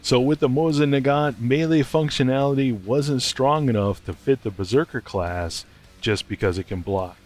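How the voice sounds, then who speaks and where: A man's voice: medium pitch, normal speed, darkish tone. A man giving casual gaming news commentary, chatty and speculative, thinking aloud as he goes. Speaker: gaming video host.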